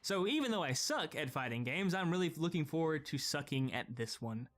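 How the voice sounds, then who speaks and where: A man's voice: on the high side, big pitch swings, brisk, fairly bright tone. A young man giving scripted gaming vlog commentary, profane and sarcastic, ranting with strong opinions. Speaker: gaming video creator.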